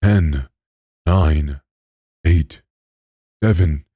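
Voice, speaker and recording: A man voicing a sadistic male villain who hosts a dark-web show, cold, mocking and theatrical, in a horror story. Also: low voice, very slow, breathy edge, no room sound, full character voice. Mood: taunting.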